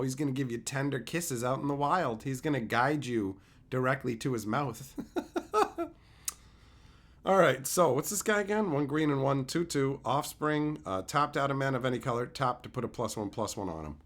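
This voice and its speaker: A man's voice: fairly high pitch, fairly bright tone. A man streaming casually as he opens card packs, joking crudely and chatting with his viewers. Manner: jokey and crude, chats with viewers. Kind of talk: casual live-stream commentary.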